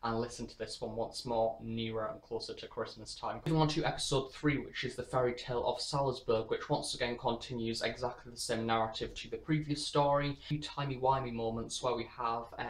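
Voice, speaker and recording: A man's voice: mid-range voice, reverberant, rough recording. A man giving a spoken review of an audio drama, talking steadily and often saying "in fact". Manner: flat, steady delivery with frequent "in fact".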